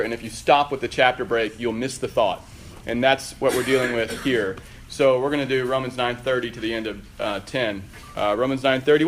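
Man, weak voice, Bible teacher, conversational, faint background noise. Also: mid-range voice. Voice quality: conversational, self-deprecating. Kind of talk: sermon-style Bible teaching.

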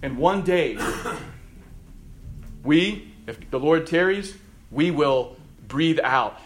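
Man teaching a lively Bible class. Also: on the high side, takes it slowly, pauses often, a little hiss or hum. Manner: conversational, with asides and rising emphasis when reading quotes. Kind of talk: classroom lecture on Scripture.

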